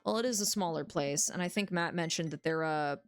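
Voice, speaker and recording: A woman's voice: sits low, a little fast. A woman voicing an awkward, flustered single dad, reading his game lines in an earnest way over faint music. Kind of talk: reading game dialogue aloud.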